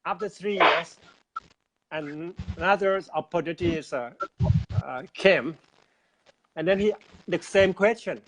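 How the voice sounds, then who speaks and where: A man in casual conversation, speaking halting English with many pauses and fillers. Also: fairly high pitch, a bit bright, slight background noise, low-quality recording.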